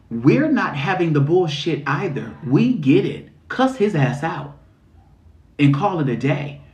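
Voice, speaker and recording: A man giving spiritual readings on a livestream, talking in a sassy, slangy, animated way. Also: on the high side. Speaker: spiritual reader. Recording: echoey room.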